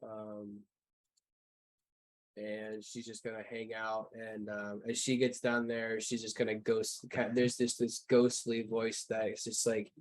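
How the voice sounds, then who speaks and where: A man's voice: lowish voice, completely flat delivery, a little slow, rough recording. Rambling, profane male game master. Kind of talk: narrating a tabletop game.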